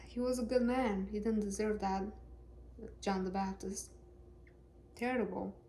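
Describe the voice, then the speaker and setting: A woman's voice: medium pitch, steady tone, slow pace, a little hiss or hum. A woman reading scripture aloud with casual, sarcastic, joking commentary. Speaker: Bible reader and commentator.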